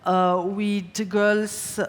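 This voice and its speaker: A woman's voice: medium pitch, flat delivery, drawn-out words, smooth. A woman chef, a native Slovene speaker, doing a live stage cooking demo and telling stories in a chatty way, with lots of fillers and restarts. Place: large hall on a stage. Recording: live hall with long reverb.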